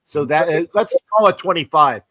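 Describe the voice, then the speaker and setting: A man's voice: fairly high pitch, lively intonation, moderate pace, pushed and bright, no room sound. A man hosting a casual sports talk show, rambling, repeating words and joking. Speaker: host.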